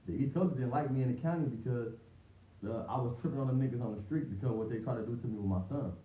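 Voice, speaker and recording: A man's voice: medium pitch, fast talker. Slangy man on a roomy lo-fi stream. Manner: slangy, rambling, repeats words and restarts often. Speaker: livestream host. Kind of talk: casual livestream talk. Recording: distant roomy, dull lo-fi mic with faint hiss.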